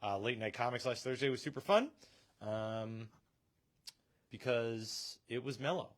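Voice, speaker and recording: A man's voice: medium pitch, measured pace. A man hosting a casual live stream from a comic shop, joking and laughing often.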